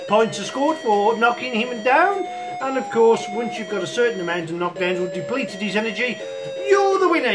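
A retro gaming host who gives casual, chuckling commentary on his own play and often laughs at himself. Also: mid-range voice. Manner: chuckling often, self-mocking. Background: chiptune game music.

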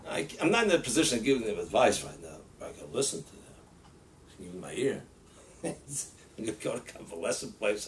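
A man's voice: lowish voice, big pitch swings, fairly quick. A man, a rabbi, telling stories casually, laughing often and acting out the quotes. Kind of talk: casual storytelling. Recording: distant mic with faint ambient noise.

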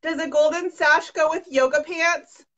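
A woman's voice: high voice, fairly even intonation, normal speed, fairly bright tone. A young woman hosting a casual live painting demo, enthusiastic and encouraging. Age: young adult. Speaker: host. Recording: dull lo-fi sound.

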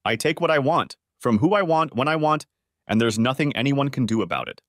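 A man's voice: mid-range voice, big pitch swings, brisk, no room sound, studio quality, voice pushed up, lightly acted. A man voicing an arrogant, bullying middle-aged male lawyer in a sneering, menacing manner for an audiobook story. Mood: gloating. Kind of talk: audiobook character voice.

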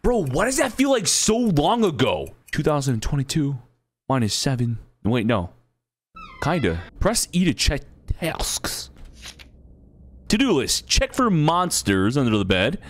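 Lively, swearing young man playing a game. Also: medium pitch, normal speed. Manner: excitable, swears freely, laughs often, reads game text aloud. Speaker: gaming streamer. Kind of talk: casual game commentary.

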